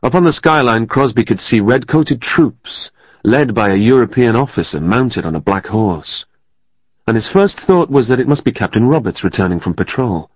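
A man reading a historical novel as audiobook narrator, in a steady, even storytelling manner. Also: mid-range voice, moderate pace, no room sound. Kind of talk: scripted narration. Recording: dry, slightly muffled studio.

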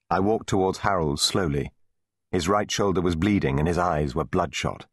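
A man narrating an audiobook for children with lively storytelling. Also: low voice, normal speed, breathy edge, dry recording, clean studio sound. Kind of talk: scripted narration.

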